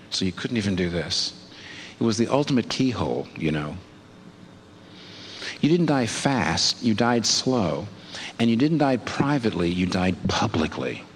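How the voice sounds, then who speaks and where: A man preaching a sermon in an animated way, asking rhetorical questions and leaping up in pitch to stress a point. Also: slight background noise. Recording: long hall reverb.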